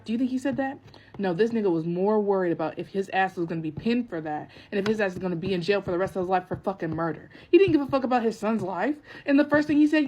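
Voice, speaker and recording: A woman recounts a story casually to camera. She tells it with animated emphasis and plenty of swearing. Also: medium pitch, fast talker, a little hiss or hum. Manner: animated, profane, emphatic retelling.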